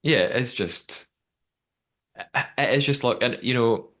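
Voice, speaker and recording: A man's voice: medium pitch, slow pace, a bit bright. A man co-hosting a podcast in casual chat. He reads listener messages aloud and often restarts his sentences. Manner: chatty, often restarts and repeats words. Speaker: podcast co-host.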